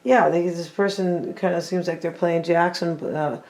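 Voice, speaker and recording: A tarot reader talking casually to viewers while laying out cards, thinking out loud and often saying what they feel, with playful teasing asides. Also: medium pitch, fairly even intonation, normal speed. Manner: chatty, thinking aloud, repeats and hedges with "I feel like".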